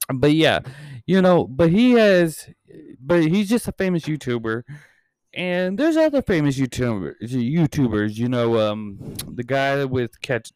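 A man in his thirties rambles through a casual podcast chat, cursing freely as he goes. His voice is smooth and resonant, recorded close and dry with no room sound. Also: mid-range voice, a little mellow, no room sound. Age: 30s. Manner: rambling and heavily profane. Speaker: podcast and channel host.

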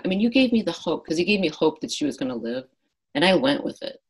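A woman's voice: sits low, sing-song, quick pace, breathy edge, rough recording. A middle-aged woman, a guest author, earnestly telling a personal story in an interview and acting out her past dialogue.

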